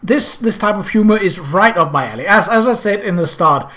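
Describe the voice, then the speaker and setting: A man with a Danish accent talks through a video game in a loose, rambling way, full of "like" and "uh". His voice sits a little higher than most men's. He is a native Danish speaker chatting casually in English. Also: animated, a little fast, sharp tone. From Denmark. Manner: rambling, filler-heavy. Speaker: game commentator.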